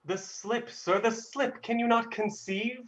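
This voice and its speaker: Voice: medium pitch, steady tone, measured pace, natural voice. A performer playing a mocking, playful young man in a video-call reading, recorded with dull audio. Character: jesting, bawdy young man. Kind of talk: virtual staged reading.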